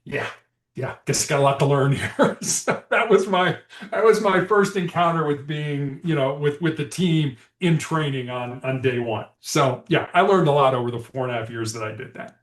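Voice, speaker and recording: This former hostage negotiator, appearing as a podcast guest, has a voice on the high side and talks at normal speed with few pauses. He spins conversational stories, animating the dialogue he quotes, in an echoey room.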